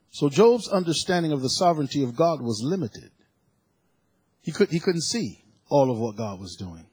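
A man delivers a sermon in a slightly high, husky voice, repeating phrases and swinging between hushed asides and loud, emphatic cries. The sound is dry and close, with no room echo. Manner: preaching with call-and-response phrasing. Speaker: preacher.

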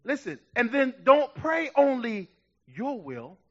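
A male pastor with a very high, bright voice preaches with passion. He swings from hushed asides to loud, fervent shouts, and the recording sounds dull and lo-fi. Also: sing-song, slow. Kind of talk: sermon.

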